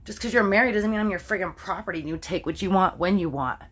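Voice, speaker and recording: A Canadian woman recounts a true crime case straight to her audience. She talks in a loose, animated, conversational way, with filler words everywhere. She keeps catching herself mid-swear and softening it. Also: mid-range voice, fast talker, husky. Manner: chatty, animated, heavy use of "like", self-censoring swears. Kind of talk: casual storytelling to camera.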